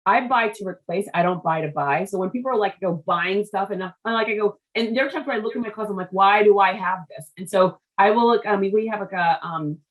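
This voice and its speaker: A woman's voice: mid-range voice, fast talker, hardly any pauses, rough recording. Chatty woman host telling stories. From Haitian family background. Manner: chatty, storytelling with many asides and restarts. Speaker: show host. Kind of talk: casual interview chat.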